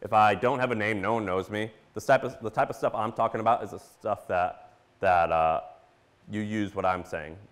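A man from Missouri giving a casual conference talk, animated and full of fillers, acting out his own reactions as he tells stories. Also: fairly low pitch, moderate pace. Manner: animated, storytelling with quoted reactions and filler words. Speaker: conference speaker.

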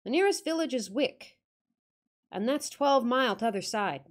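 A woman's voice: a little high, expressive, normal speed, voice pushed up, lightly acted. A woman voicing a surly old male servant, growling curt answers. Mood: grumbling surly.

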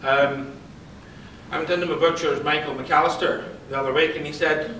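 A man giving a motivational talk to an audience, telling stories and quizzing the crowd in a lively way. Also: on the high side, normal speed, slight background noise. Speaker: conference speaker and psychologist. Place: event hall. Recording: roomy hall, distant pickup.

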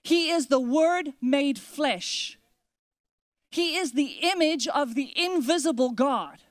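Emphatic woman pastor preaching, higher voice. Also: animated, no echo, clean studio sound. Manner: emphatic preaching with repeated declarations, slowing for weight. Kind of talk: sermon. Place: church.

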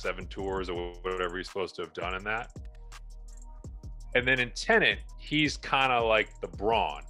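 A man with a bright, forceful voice, set a little low, talking through his views as a podcast co-host. He sounds opinionated and goes into detail, and faint music sits under him. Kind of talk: casual pop-culture commentary.

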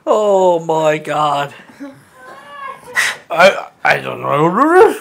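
Giggly man with a lively voice. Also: a little high, drawn-out words, vocal fry, slight background noise. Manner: giggly, laughs through his lines. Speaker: co-host. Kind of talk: casual joke-game chat.

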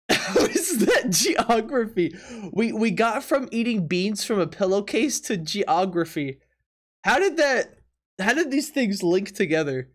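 Laughing a lot and reacting in disbelief, a man with a high-sitting voice teases his viewers during a casual live stream from his apartment.

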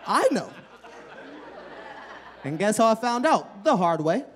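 A stand-up comedian in his thirties, working a club stage with a handheld mic. His voice sits a little higher than most men's. He talks loose and profane, half chatting with the room and often breaking into laughter at his own lines. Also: very animated, slow pace, crowd noise, background noise. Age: 30s. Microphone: handheld microphone.

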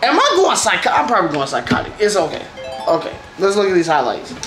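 A woman streamer giving casual, animated commentary over gameplay, talking straight to her viewers. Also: mid-range voice, fast talker. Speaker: gaming streamer. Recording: roomy echo with faint background music.

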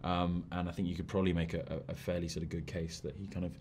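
A man's voice: deep voice, level tone, quick pace, a little mellow, a little hiss or hum. A young man, an actor, answering interview questions thoughtfully with many fillers and hedges. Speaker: actor guest.

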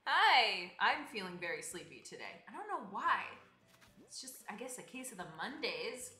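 A woman's voice: medium pitch, big pitch swings, normal speed, sharp tone, roomy sound. A young woman live-streaming a game, chatting casually and greeting viewers by name in a bubbly way. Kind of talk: casual live-stream chat while playing. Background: game music.

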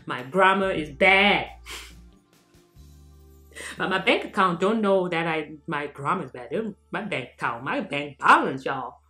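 A woman's voice: lowish voice, expressive, a little slow, bright, forceful tone, echoey room, soft background music. Mocking South African woman vlogger. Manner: mocking, laughing often, switching between English and local languages. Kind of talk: casual commentary vlog.

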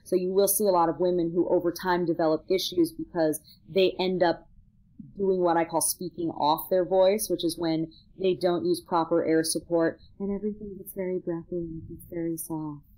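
A woman opera singer and vocal coach talking casually on a podcast, explaining in a lively way and laughing now and then. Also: on the low side, moderate pace, poor audio.

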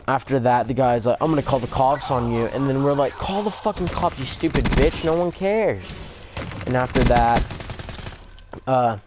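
A young man telling a rambling story-time vlog, swearing often and leaning on "like". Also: mid-range voice. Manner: rambling, swears a lot, fillers like "like". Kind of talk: casual story time over gameplay. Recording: gameplay gunfire noise behind. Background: video game gunfire.

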